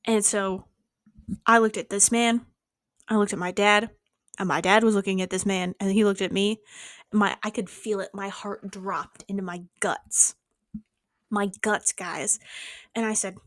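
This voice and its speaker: Young woman vlogger, casual storytime, lively with voiced-out quotes, dry close bedroom sound. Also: measured pace, pauses often, no echo. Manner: animated, swearing, acting out quotes with big pitch jumps.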